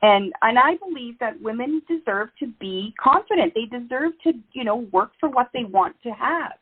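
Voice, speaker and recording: A woman's voice: a little high, lively intonation, normal speed, breathy edge. A woman hosting an interview, agreeable and encouraging toward her guest. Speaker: host. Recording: tinny phone-like line.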